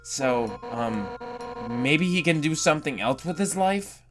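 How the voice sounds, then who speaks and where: A gamer reading as Undyne, gruff fish-monster captain. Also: medium pitch, expressive, unhurried, a bit bright, faint music behind. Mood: confiding. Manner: gruff, blunt, then awkwardly confiding. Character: hot-headed fish-monster woman, captain of the guard. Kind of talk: reading game dialogue aloud.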